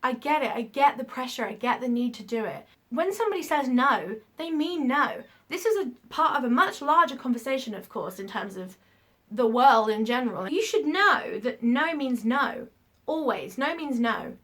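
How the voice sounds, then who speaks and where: A woman vlogs to camera in a frank, emphatic rant, swearing when she gets heated. Her voice is bright and a little high. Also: animated, normal speed. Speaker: YouTuber. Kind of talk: casual vlog rant.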